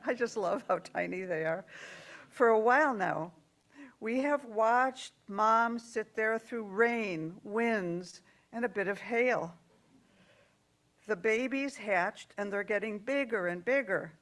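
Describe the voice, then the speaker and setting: Slow, gentle woman leading worship. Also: mid-range voice. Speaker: worship service leader.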